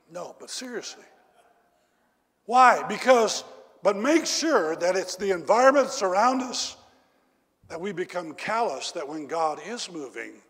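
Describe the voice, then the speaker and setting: A middle-aged male preacher telling a story in a sermon, swinging from loud exclamations down to low confiding tones. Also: slightly rough. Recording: echoey hall reverb.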